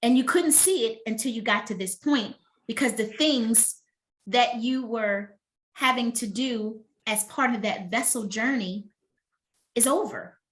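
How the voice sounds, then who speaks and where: A middle-aged woman with a somewhat high voice teaches a motivational master class as a wellness coach. She talks in a lively, conversational way and often asks her listeners if they are with her. Her delivery is emphatic and personal, as if speaking straight to each person. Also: unhurried.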